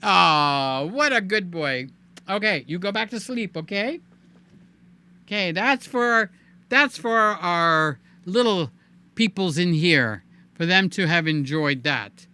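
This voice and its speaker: A man hosting a live stream in casual, animated chat, cooing in baby talk and reading viewer comments aloud. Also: high voice, slow pace, clean tone. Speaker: livestream host.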